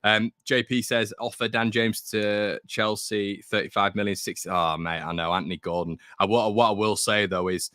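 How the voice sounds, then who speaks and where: Young male stream host, low and bright voice, dry close sound, casual and opinionated. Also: fairly even intonation, moderate pace, few pauses, clear, resonant tone, dry recording. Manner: chatty, reads out viewer comments, opinionated. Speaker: fan channel host. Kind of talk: casual live-stream chat.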